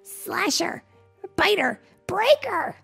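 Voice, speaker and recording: A woman putting on a tiny ghostly spook from a storybook, shrieking accusing words in a piercing high voice. The sound is thin and shrill with a gravelly edge, and faint music plays underneath. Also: very animated, slow pace, fairly bright tone, heavily acted. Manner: shrill accusing cries, hissing. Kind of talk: storybook read-aloud voice.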